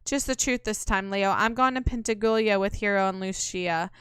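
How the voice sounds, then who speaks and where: A woman's voice: medium pitch, moderate pace, a bit bright, clear, resonant tone, no echo, studio quality, close to an everyday voice. A woman reading aloud the lines of a cocky, wisecracking young male rogue in a game, speaking in a breezy, slangy way.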